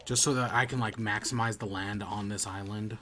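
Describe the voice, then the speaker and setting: A man's voice: lowish voice, fairly even intonation, fairly quick, over music. Man rambling over his game stream. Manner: rambling, self-correcting chatter. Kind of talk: casual gameplay commentary.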